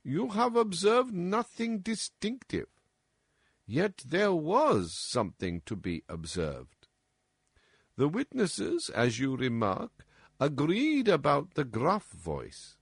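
A man voicing a calm, analytical male detective who lays out his reasoning in a measured, lecturing way, as in an audiobook. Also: a little high, husky, no room sound, clean studio sound, pitched above the performer's own voice, full character voice. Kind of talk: audiobook character reading.

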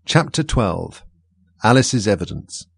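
A man reading a storybook aloud as narrator in a measured, even way. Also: lowish voice, gravelly, husky. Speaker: audiobook reader. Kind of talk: scripted narration.

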